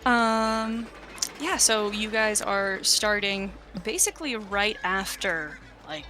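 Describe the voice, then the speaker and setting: A woman's voice: on the high side, gravelly, a bit bright. A young woman in a casual, laughing way leading a tabletop game as game master. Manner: casual, laughing, loose with fillers. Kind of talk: running a tabletop game session.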